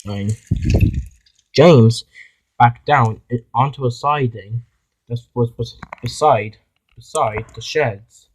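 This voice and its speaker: A man narrating a homemade toy-train story, halting with frequent restarts. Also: mid-range voice, slightly rough, poor audio.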